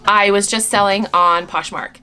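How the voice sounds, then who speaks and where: A woman's voice: mid-range voice, steady tone, moderate pace, bright, forceful tone, soft background music. A young woman from the United States answering viewer questions in a casual, rambling chat, often breaking off and laughing at herself. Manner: chatty and rambling, with frequent laughs and self-interruptions.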